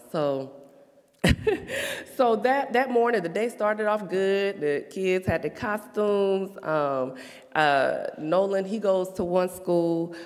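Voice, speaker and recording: A woman in her thirties gives a church testimony in a slightly low voice, telling her story with animated laughter. At moments she drops into soft, confessional tones. Her voice rings with the long reverb of a large hall. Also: gravelly. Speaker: speaker giving a testimony.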